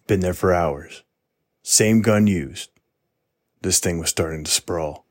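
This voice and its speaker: A blunt, profane, world-weary police detective, voiced by a man. His voice is very low and the recording is dry and close. He recounts the case in a flat, hard-bitten audio-drama manner. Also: slow, no echo. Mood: gruff. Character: gruff, foul-mouthed veteran male police detective. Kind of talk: true-crime audio drama interview.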